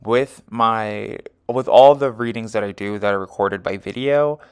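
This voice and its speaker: Man, astrology reader, smooth yet gravelly, rambling casual monologue, filler-heavy. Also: lowish voice, measured pace, darkish tone. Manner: chatty, with self-corrections. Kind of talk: casual chart-reading monologue.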